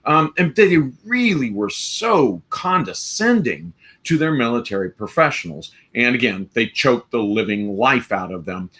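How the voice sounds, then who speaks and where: Bright-voiced emphatic man hosting a stream. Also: medium pitch, very animated, a little slow, slightly rough. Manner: emphatic, rambling, with mocking quoted asides. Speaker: live stream host. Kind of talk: opinionated live stream commentary.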